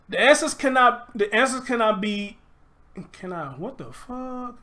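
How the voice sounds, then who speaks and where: A man's voice: high-pitched, animated, measured pace, sharp tone. A man from Memphis with a Southern accent, hosting a casual live stream, reading an article aloud and reacting to it emphatically. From Memphis, USA. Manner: reads aloud then reacts emphatically, greets viewers.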